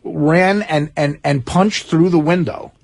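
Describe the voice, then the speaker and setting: A man's voice: on the high side, slow pace, gravelly, no room sound. A man telling rowdy stories on a radio show, rambling and laughing through them. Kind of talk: rowdy storytelling.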